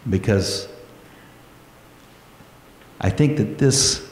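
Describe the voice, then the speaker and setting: Male pastor, low voice, slow deliberate sermon delivery, reverberant sanctuary sound. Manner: earnest, slow preaching with prayerful pauses. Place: church sanctuary. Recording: echoey church hall.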